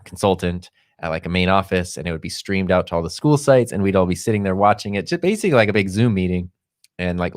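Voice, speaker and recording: A man's voice: low-pitched, no echo, clean studio sound. A man co-hosting a casual podcast, a teacher who chats loosely and laughs often at his own stories. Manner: laughs often, chatty and self-deprecating. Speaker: podcast co-host. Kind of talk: casual chat.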